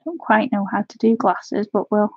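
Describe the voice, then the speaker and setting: A woman hosting a live colouring stream, chatting excitedly, giggling often and thanking viewers warmly. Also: medium pitch, moderate pace, husky, no room sound, muffled recording. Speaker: craft channel host.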